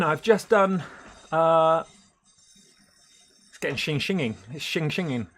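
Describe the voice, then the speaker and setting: A man's voice: on the high side, takes it slowly, pauses often, a bit bright. Chatty man live-streaming. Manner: rambling and chatty, laughs often, hesitant fillers. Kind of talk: casual live-stream chat.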